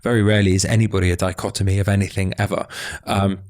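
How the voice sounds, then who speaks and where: A young man, a psychotherapist, explaining ideas in a fast, thoughtful podcast conversation full of restarts and fillers. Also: sits low, flat delivery, darkish tone. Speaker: psychotherapist guest.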